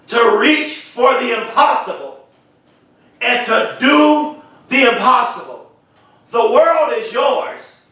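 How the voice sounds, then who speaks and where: A man giving an impassioned motivational speech, repeating phrases and swelling into shouts. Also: very high voice. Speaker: motivational speaker. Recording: very echoey, voice far from mic.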